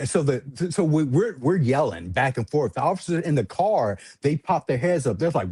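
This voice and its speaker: A man hosting a livestream, casually telling a long story, animated, laughing often and jumping to high voices when quoting people. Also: a little fast, few pauses, husky, dry recording.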